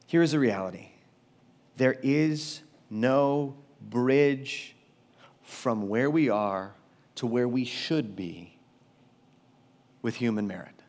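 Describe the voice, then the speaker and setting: A man preaching a sermon as pastor, emphatic and conversational, swinging from loud urgency to quiet low stretches. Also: animated, unhurried. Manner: conversational, self-deprecating asides.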